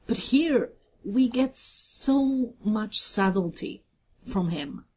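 Woman, podcast co-host, slow unhurried pace, enthusiastic rambling recap chat. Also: mid-range voice, lively intonation, a little mellow, husky. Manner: enthusiastic, rambling with many fillers.

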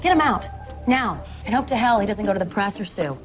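An actress playing a brisk, commanding female assistant district attorney, speaking in a crisp, cutting way in a TV clip. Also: medium pitch, animated, lightly acted. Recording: TV clip with music underneath. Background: music.

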